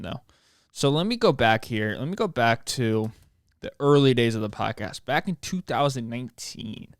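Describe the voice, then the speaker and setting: A man's voice: mid-range voice, creaky, no room sound, studio quality. A young American man hosting a solo podcast, rambling and mocking himself, stumbling over words as he talks. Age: young adult. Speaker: podcast host.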